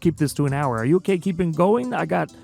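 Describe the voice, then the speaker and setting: Gravelly-voiced man hosting a live chat. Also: fairly high pitch, quick pace, faint music behind. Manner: animated storyteller, laughs often. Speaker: interview host. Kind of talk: casual livestream chat.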